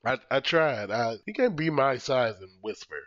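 A man co-hosting a casual podcast chat, animated and laughing often, talking into a studio microphone. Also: normal speed, no echo, lo-fi sound. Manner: animated, laughs often, jumps to high-pitched exclamations. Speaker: podcast co-host.

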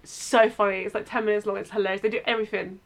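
A woman's voice: mid-range voice, flat delivery, rapid-fire, a crowd in the background. A woman chatting as a podcast guest, enthusiastic and talkative. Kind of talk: casual chat.

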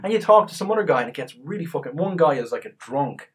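A man co-hosting a casual gaming chat, telling stories with lively acted-out quotes. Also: fast talker, husky. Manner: animated storyteller, acts out quotes in a higher voice. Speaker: podcast co-host.

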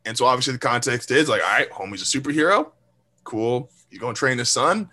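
A man co-hosting a podcast, telling a story in a casual, animated, profane way and acting out quoted lines. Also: medium pitch, quick pace. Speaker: podcast co-host. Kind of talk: casual chat.

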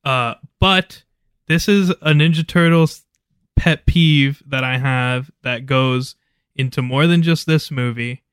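Smooth-voiced man giving casual opinions. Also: mid-range voice, takes it slowly, a bit bright, no room sound, clean studio sound. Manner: opinionated, laid-back, swears casually. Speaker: podcast co-host. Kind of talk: casual chat.

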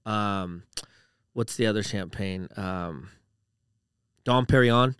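Smooth-voiced man chatting casually. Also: on the low side, takes it slowly, a bit bright, dry recording, studio quality. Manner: rambling, uses "like" and "dude" a lot. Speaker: podcast co-host. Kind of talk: casual chat.

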